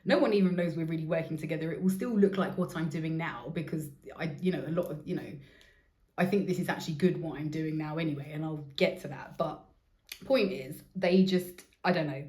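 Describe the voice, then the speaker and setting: A woman's voice: on the low side, a little mellow, echoey room. Woman, candid swearing storyteller. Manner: candid, rambling, swears freely. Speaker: host. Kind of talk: casual confessional storytelling.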